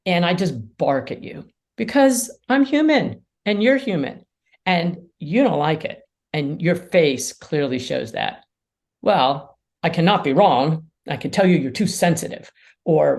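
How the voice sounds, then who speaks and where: A woman mediator and lawyer, a podcast guest, explaining ideas in an animated way and acting out quotes. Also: sits low, a little slow. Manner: animated storyteller, acts out quotes. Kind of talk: casual conversation.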